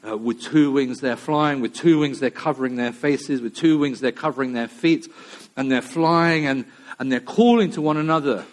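A male pastor delivering a sermon, swinging between loud emphatic lines and hushed near-whispers, often repeating phrases. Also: mid-range voice, normal speed.

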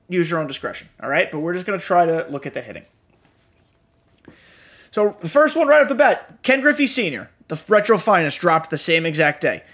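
Young guy with a high voice, worn out, cussing his way through a casual gaming rant. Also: fairly bright tone. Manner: blunt and profane, frustrated asides. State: tired, yawning. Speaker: podcast host.

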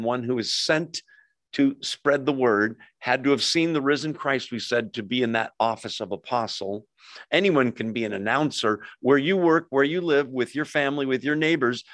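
A male pastor delivers a sermon in an easy, conversational manner, slipping in jokes and questions to the congregation. His voice sits in a middle register and swings between emphatic swells and hushed drops. The sound is dry, with no room echo. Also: medium pitch.

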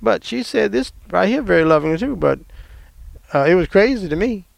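A middle-aged man from the American South telling a personal family story in an emphatic, animated way. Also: sits high, brisk, creaky, dry recording.

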